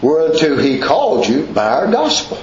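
A man's voice: on the high side, huge pitch swings, moderate pace, roomy sound, lo-fi sound, a little hiss or hum. A man preaching a sermon in a church, repeating phrases with rising emphasis.

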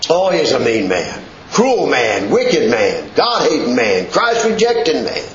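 A man preaching a sermon, folksy and emphatic, stretching words and swinging his pitch up and down. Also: huge pitch swings, a little slow, a loud crowd. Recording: echoey room, dull lo-fi sound.

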